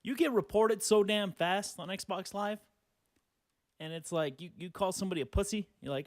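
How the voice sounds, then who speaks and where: A man's voice: sits high, moderate pace, no room sound, studio quality. A man in his twenties hosting a solo podcast, ranting sarcastically with lots of cursing, fillers and restarts. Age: 20s. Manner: sarcastic, profane, rambling with many fillers. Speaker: podcast host.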